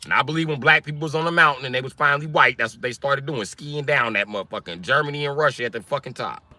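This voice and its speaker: A man's voice: mid-range voice, fast talker, bright, forceful tone, dry recording. A man, a comedian, rambling through a profane stand-up style rant on his live stream.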